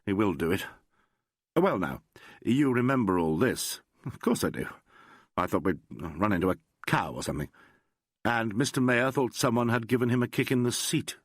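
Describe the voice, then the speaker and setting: A man's voice: lowish voice, big pitch swings, moderate pace, pauses often, husky, dry recording, clean studio sound, full character voice. A man doing a blustering, peevish traveller. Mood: chatty. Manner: brusque, dismissive. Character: blustering peevish middle-aged male traveller.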